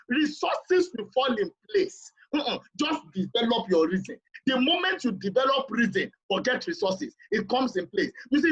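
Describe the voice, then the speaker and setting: Male seminar lecturer, husky, insistent and quizzing, muffled online recording. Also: very high voice, a bit bright. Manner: emphatic, repetitive, quizzes listeners. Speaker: seminar speaker. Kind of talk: motivational seminar talk.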